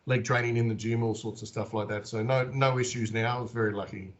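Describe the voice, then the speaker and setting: A man's voice: mid-range voice, fairly even intonation, fast talker, muffled recording. A man in his forties with an Australian accent, a guest telling stories animatedly in an interview. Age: 40s. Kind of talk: casual storytelling in an interview.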